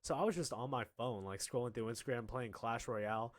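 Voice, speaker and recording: A man's voice: mid-range voice, fairly quick. A young man casually telling a story about his school days, laughing often and acting out the other people in it. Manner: animated, laughing, acts out other people's lines.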